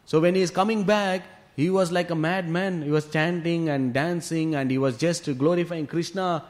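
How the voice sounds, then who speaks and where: A man's voice: fairly high pitch, moderate pace. Man telling a devotional class. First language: Tamil. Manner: animated retelling with frequent "you know" fillers. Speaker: scripture class teacher.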